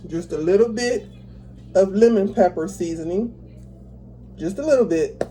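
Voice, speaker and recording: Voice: mid-range voice, moderate pace, warm tone, slight background noise, poor audio. A home cook casually talking viewers through a recipe step by step, in a chatty, easygoing way. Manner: chatty, talks viewers through each step, laughs easily. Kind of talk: casual cooking tutorial. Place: home kitchen.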